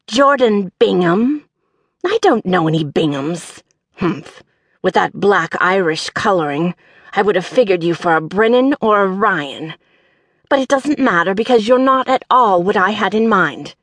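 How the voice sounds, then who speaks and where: A woman voicing a haughty gray-haired old rich woman who speaks in a gravelly voice, curt and slowly enunciated. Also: mid-range voice, lively intonation, no echo. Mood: disdainful. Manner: curt, disdainful, slow enunciation.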